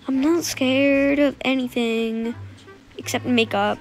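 Female gamer, high-pitched, slow-paced, playful commentary full of gasps and squeals. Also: soft background music. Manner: excitable, playful, gasping and squealing. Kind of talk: casual gameplay commentary.

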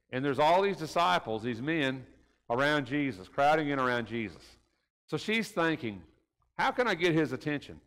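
A man's voice: on the high side, a bit bright. Folksy man teaching in a reverberant room. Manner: folksy, keeps asking rhetorical tag questions. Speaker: Bible class teacher. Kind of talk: conversational Bible lesson. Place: church classroom.

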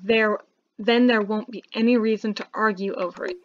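A woman's voice: mid-range voice, steady tone, normal speed, muffled recording, lightly acted. Sulky young villager, read by a woman. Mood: grudging. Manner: reading a game character's dialogue aloud. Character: grudging young woman villager, game character.

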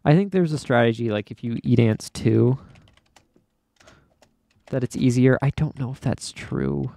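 This young adult's let's play of an obstacle course game is casual, full of dramatic frustration and laughter at their own struggles. The voice is medium-pitched, unhurried, creaky and warm-toned, with no echo.

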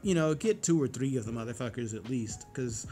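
A man's voice: mid-range voice, expressive, a little fast, warm tone, faint music behind. A man in his forties vlogging in a casual, rambling monologue, cursing freely and getting heated. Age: 40s.

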